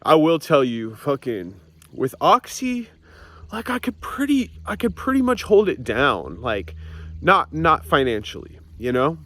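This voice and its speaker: A man's voice: on the high side, very animated, measured pace, fairly bright tone. Profane, rambling young man. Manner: rambling, profane, self-mocking with restarts. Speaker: vlogger. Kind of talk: casual confessional vlog. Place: outdoors on a hillside. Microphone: handheld camera.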